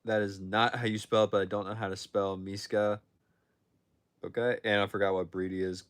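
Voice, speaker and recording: Young guy streaming from his phone, kinda low voice, rambly, keeps restarting his sentences. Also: little pitch movement, moderate pace, clean tone. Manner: rambling, with frequent restarts and self-corrections. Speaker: livestream host answering chat. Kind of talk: casual livestream chat.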